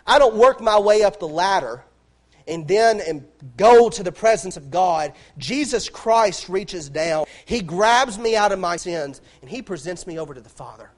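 A man's voice: high voice, lively intonation, moderate pace. A man preaching a sermon in an impassioned way, repeating phrases and restarting lines as he builds.

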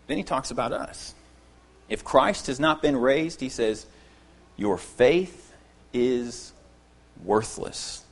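A man's voice: medium pitch, lively intonation, slow pace, pauses often. Earnest male preacher, emphatic and varied. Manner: earnest, emphatic on key phrases, drops to quiet asides. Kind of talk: expository sermon.

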